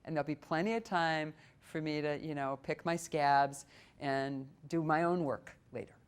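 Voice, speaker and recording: A middle-aged woman with an Upper Midwest American accent speaks to a library audience. Her voice sits fairly low and stays expressive. Now and then she drops into a few lines of song before going back to talking. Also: moderate pace, smooth. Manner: warm, animated, breaks into short sung phrases. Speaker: voice coach and presenter. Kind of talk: library presentation talk. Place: public library meeting room.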